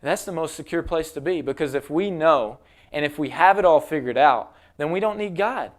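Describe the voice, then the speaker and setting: Young guy pastor giving a sermon, kinda high voice, earnest, chatty preaching style. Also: moderate pace. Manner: earnest, conversational preaching with acted-out quotes. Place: church, livestreamed.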